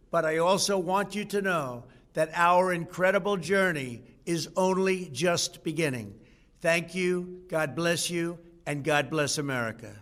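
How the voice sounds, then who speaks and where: A man delivering a measured, formal recorded address as an outgoing president. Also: a little high, fairly bright tone.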